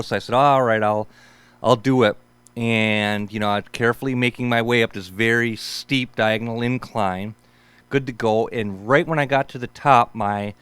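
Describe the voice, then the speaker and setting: A man's voice: mid-range voice, fairly bright tone, clear, resonant tone, dry recording. A man in his fifties hosting a show, telling rambling casual stories in a laid-back way, peppered with "man" and "for sure". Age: 50s. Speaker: host.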